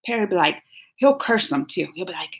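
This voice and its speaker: A woman's voice: on the low side, animated, fairly quick, gravelly. A woman hosting a casual live stream, chatting and giggling as she reads viewer comments aloud. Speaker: YouTube reaction host.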